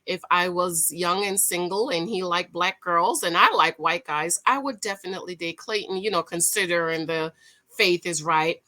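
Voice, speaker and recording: A woman from the Northeast United States with a New York accent, reviewing a dating show in lively, casual chat to her viewers. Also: lowish voice, moderate pace. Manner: animated, lively, playful asides to viewers.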